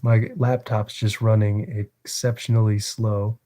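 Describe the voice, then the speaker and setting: A man's voice: fairly low pitch, flat delivery, measured pace, dark tone, a little hiss or hum. A man hosting a casual live stream, chatting with viewers and reading a novel aloud. He laughs often and stumbles over words.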